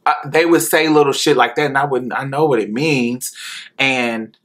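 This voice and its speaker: A woman podcast host telling a personal story, animated and profane, laughing often as she talks. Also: a bass voice, normal speed.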